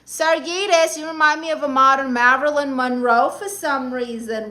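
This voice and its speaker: Sassy Brooklyn woman with a bright voice. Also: high voice, fairly even intonation. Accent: Brooklyn New York. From Brooklyn, New York. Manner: sassy, quick comebacks to viewers. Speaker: comedian live-streamer reading chat. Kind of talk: casual live-stream chat.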